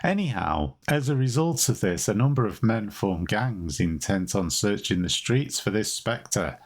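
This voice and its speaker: A low, gravelly man from the United Kingdom co-hosting a podcast. He rambles through his story in a chatty way and drops wry asides as he goes. His delivery stays casual throughout. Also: lively intonation, unhurried. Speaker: podcast co-host.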